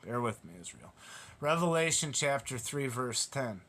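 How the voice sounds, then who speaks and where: A man preaching a Bible study sermon, passionate and emphatic, repeating phrases for stress and reading scripture slowly and deliberately. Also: mid-range voice, sing-song, fairly bright tone. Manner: emphatic and repetitive, with slow drawn-out scripture reading; passionate, stirred up.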